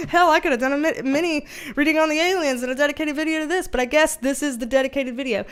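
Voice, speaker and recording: A young adult woman giving a livestream tarot reading at home on a webcam, animated and casual, swearing freely. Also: sits high, moderate pace. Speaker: tarot reader.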